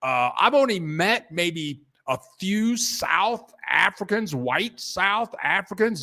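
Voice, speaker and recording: Guy rambling slow on a home livestream, kinda high voice, keeps restarting, thanks everyone. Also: expressive, bright, forceful tone. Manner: halting and repetitive, restarting sentences, grateful and chatty. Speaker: livestream host reading viewer donations. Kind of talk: casual rambling livestream chat. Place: at home at his computer.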